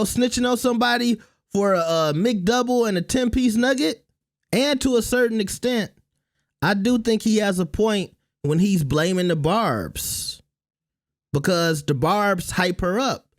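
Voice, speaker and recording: A commentary host breaks down a clip in an even mid-range voice. The sound is dry and close, and the delivery is full of mocking, sarcastic jabs. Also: mid-range voice, no room sound. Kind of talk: reaction commentary.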